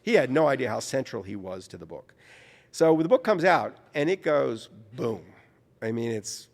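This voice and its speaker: A male author from New Orleans spins anecdotes as an interview guest. His voice ranges widely in pitch as he works himself into each story, and he keeps doubling back on his own phrasing. A long reverb hangs on the room. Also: moderate pace, vocal fry. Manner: animated, self-correcting storyteller.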